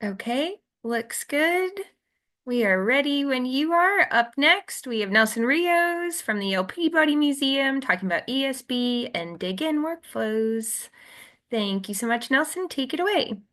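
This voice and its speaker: A woman hosting a webinar, talking in a friendly, halting way and stopping and restarting. Her voice is bright and somewhat high. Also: animated. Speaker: webinar moderator. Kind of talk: casual moderating.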